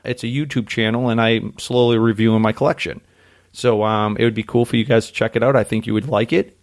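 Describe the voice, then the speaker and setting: A man co-hosting a casual podcast chat, relaxed and a bit halting. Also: fairly low pitch. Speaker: podcast co-host.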